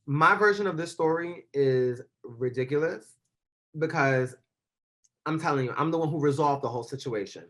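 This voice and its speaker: A ballroom house leader telling stories in a casual interview, sassy and animated, swearing freely. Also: medium pitch, moderate pace.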